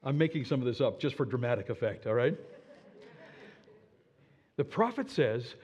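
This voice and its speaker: A man preaching a sermon as a story, animated and dramatic, with asides to his listeners. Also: mid-range voice, normal speed, pauses often, husky, dull audio.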